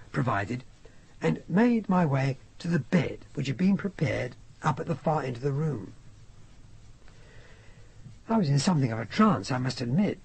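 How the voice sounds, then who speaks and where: A man reading a first-person adventure novel aloud in a measured, descriptive way. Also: fairly high pitch, gravelly, husky. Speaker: audiobook narrator. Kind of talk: first-person audiobook narration.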